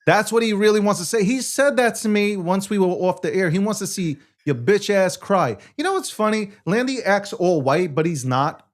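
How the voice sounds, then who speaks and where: A man hosting a casual show, joking and ribbing his co-host crudely, often rising to shouts. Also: high voice, expressive, normal speed, few pauses.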